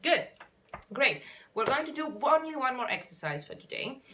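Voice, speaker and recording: A woman vocal coach gently guiding listeners through a warm-up, counting and demonstrating each exercise in an encouraging way. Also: sits high, very animated, moderate pace, noisy background. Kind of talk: guided vocal warm-up instruction. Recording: faint piano underneath.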